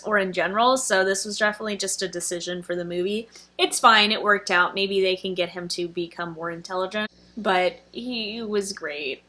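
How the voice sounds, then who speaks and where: A woman's voice: mid-range voice, pushed and bright. A young adult woman reviewing a film in casual chat, gushing and emotional, with many fillers.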